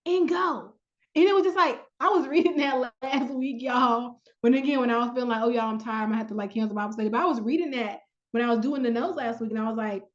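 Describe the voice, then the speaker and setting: Lively woman leading a Bible study. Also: a little high, muffled recording. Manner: animated, acts out dialogue with laughter. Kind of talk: casual Bible study teaching.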